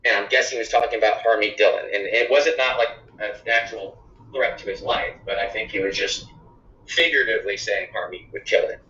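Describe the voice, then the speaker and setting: A man talking as a podcast guest, telling a story in a conversational, animated way with exclamations. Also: on the low side, brisk. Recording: echoey room, dull lo-fi sound.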